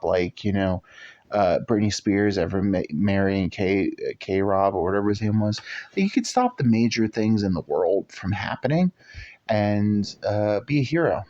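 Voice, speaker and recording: Rambling, profane man with lo-fi sound. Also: on the low side. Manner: rambling, crude and profane, swings into loud put-on voices. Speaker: podcast host. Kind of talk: casual chat. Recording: dull lo-fi recording.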